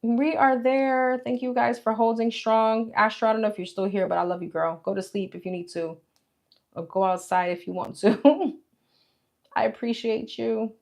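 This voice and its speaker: This tarot reader, a woman with a New York accent, speaks at a moderate pace in a slightly high, somewhat mellow voice with vocal fry and fairly even intonation. She chats casually on a live stream, calling viewers "girl" and "guys," recorded on a phone mic in an echoey room with faint hiss.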